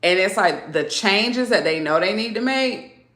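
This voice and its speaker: Casual zodiac reading from a lady, slow and lively, laughs a lot, roomy echo. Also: medium pitch. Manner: animated, chatty, laughs often. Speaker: tarot reader.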